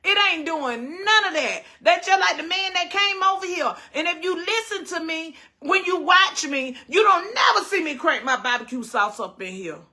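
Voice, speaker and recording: High bright woman preaching. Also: moderate pace, hardly any pauses. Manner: animated, preachy rhetorical questions. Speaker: cooking show host. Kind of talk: casual livestream chat.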